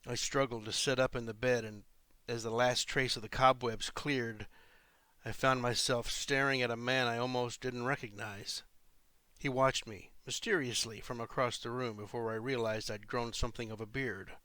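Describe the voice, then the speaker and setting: A man, an author and podcast host, reading his own fiction in measured first-person storytelling. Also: medium pitch, fairly even intonation, bright, forceful tone, dry recording.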